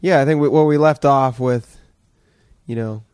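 A man's voice: medium pitch, normal speed, a little mellow, smooth, no echo, studio quality. A man hosting a podcast, talking loosely with an old friend and swearing freely. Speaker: podcast host. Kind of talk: casual conversation with a friend.

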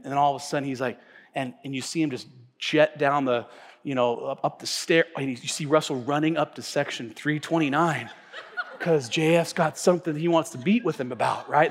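A man preaching a sermon as pastor, telling stories with animation and swinging between loud, emphatic lines and hushed ones. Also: fairly high pitch, big-room sound. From United States. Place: church sanctuary.

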